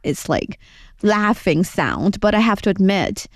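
Lively woman teaching Chinese phrases. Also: a little slow, no echo, studio quality. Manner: explains patiently with lively, swooping pitch. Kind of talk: conversational language lesson.

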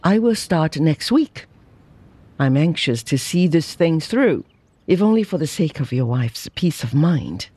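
A reader voicing a keen young male lawyer who talks in a brisk, persuasive way, in a storybook reading. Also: medium pitch, very animated, warm tone, breathy edge, no echo. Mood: earnest.

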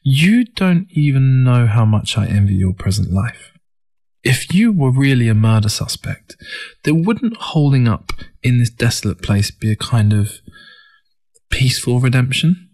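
A man reading the part of a gentle, comforting young woman in a story, speaking softly. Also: mid-range voice, very animated, unhurried. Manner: soft-spoken.

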